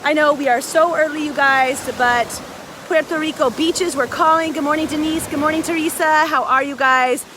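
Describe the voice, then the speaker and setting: A woman hosting a casual motivational live stream outdoors on a beach, filmed on a phone, chatty and excitable, a little out of breath. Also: high voice, moderate pace. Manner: chatty, excitable, greets viewers by name. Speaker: live video host. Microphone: phone held by a friend. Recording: faint surf noise outdoors.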